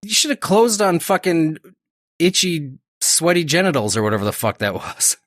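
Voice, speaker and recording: A man's voice: a little high, very animated, moderate pace, fairly bright tone, no room sound, clean studio sound. A man co-hosting a casual podcast, ranting with lots of swearing. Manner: profane, ranting, exasperated. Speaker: podcast co-host. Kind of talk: casual chat.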